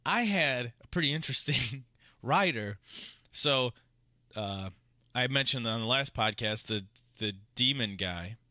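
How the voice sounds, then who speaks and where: A man's voice: mid-range voice, animated, measured pace, bright, forceful tone, dry recording, studio quality. A man from Illinois, a podcast co-host, casually telling rambling rideshare stories and acting out what people said. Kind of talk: casual chat, storytelling.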